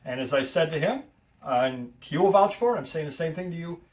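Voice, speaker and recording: A man's voice: fairly high pitch, animated, fairly quick, recorded from a distance. A man chatting casually to his viewers about old items he bought to resell, rambling with ums and restarts. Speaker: antiques reseller vlogger. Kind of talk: casual show-and-tell vlog.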